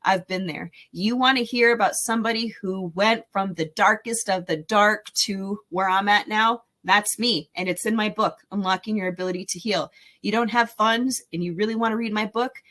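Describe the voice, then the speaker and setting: A woman's voice: medium pitch, moderate pace, fairly bright tone. Enthusiastic woman host, encouraging. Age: 40s. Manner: enthusiastic, encouraging, rambling with fillers. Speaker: podcast host and speaker. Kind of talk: casual solo podcast talk.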